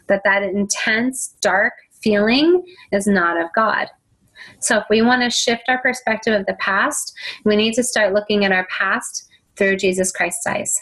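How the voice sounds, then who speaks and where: A woman's voice: mid-range voice, fairly bright tone, low-quality recording. A middle-aged woman teaching a faith-based self-help talk, acting out quoted voices as she goes. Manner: acts out quoted voices and whiny children.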